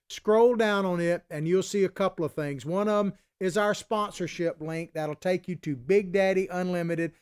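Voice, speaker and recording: A man's voice: high-pitched, clean tone. A man from Florida with an old Southern Florida cracker accent, hosting a live political talk show in a folksy, chatty way.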